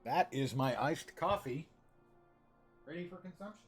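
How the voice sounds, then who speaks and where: A man streaming himself playing a game, talking in a loose, joking way. Soft music plays faintly under his voice. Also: on the high side, expressive, measured pace, slightly rough. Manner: joking, chatty, reads game text aloud. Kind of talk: casual gameplay commentary.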